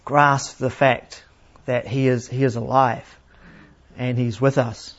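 A man preaching a sermon in a plain, unhurried teaching manner, asking his listeners questions. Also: medium pitch, little pitch movement. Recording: slightly dull, lo-fi sound.

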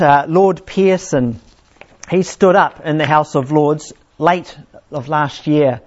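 Man, pastor preaching a sermon, higher voice, conversational, lo-fi muffled sound. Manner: conversational, with frequent restarts and slow emphatic scripture reading. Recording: dull lo-fi sound.

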